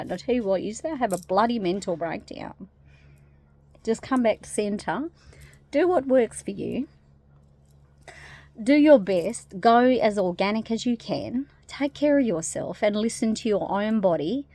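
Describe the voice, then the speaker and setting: Gravelly-voiced woman in a rambling spiritual vlog. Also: medium pitch, lively intonation, a little slow, dry recording. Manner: rambling, soft, with many fillers. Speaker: spiritual vlogger. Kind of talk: casual spiritual talk to camera.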